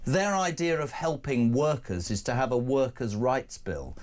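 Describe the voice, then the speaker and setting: Male talk host, a lively voice that jumps up and down in pitch, banters and restarts his lines. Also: unhurried. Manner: animated, restarts phrases, jokey asides. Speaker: radio and TV talk show host. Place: broadcast studio. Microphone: studio microphone.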